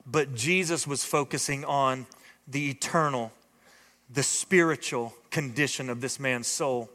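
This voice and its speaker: In a church sanctuary, a pastor preaches an impassioned sermon, building to urgent, emphatic appeals to his congregation. His medium-pitched voice is bright and forceful, a little slow, and the sanctuary adds a long hall reverb to the recording.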